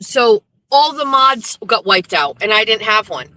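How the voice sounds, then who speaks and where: Bright, high-voiced, foul-mouthed woman. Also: measured pace, no echo, rough recording. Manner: blunt, swears a lot, animated storytelling. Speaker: livestream host. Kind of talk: casual profane livestream rant. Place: in a car, driving.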